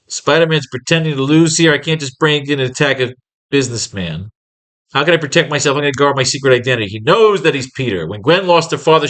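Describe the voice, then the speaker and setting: A man's voice: mid-range voice, a bit bright. A man teaching comic writing in a casual, rambling and profane way, acting out scenes as he plans pages.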